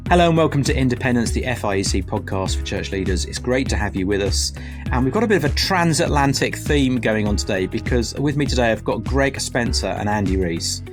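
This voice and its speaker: Lively playful podcast host, man. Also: medium pitch, a little fast, over music. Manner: playful, teasing, lively intonation. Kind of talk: casual podcast chat.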